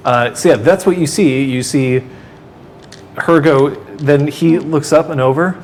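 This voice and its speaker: A man's voice: fairly high pitch, measured pace, a little hiss or hum. A man running a tabletop role-playing game as game master, narrating casually and swearing now and then.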